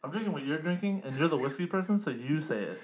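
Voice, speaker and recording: A man's voice: a little high, animated, quick pace. A man co-hosting a casual podcast, bantering, laughing often and swearing freely. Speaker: podcast co-host. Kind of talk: casual chat.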